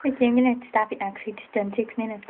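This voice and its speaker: A woman's voice: on the high side, fairly even intonation, very fast, a little hiss or hum. A girl filming her sister, making short prompting remarks from behind the camera. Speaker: sibling filming. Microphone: phone. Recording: tinny phone recording from a distance.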